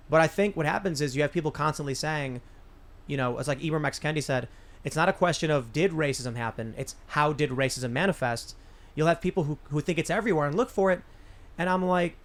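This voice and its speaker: Male talk show host, thirties, higher voice, rambling conversational delivery, frequent restarts. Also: fast talker. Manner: rambling storyteller, many restarts. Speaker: podcast host. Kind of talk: casual political talk show.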